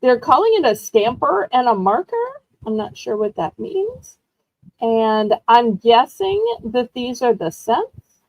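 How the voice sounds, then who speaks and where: A woman's voice: on the high side, big pitch swings, slow, a little mellow, dry recording, low-quality recording. Chatty woman hosting a live sale. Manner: chatty, rambling storyteller with frequent laughs. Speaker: live-stream auction host. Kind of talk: casual live-stream selling chat.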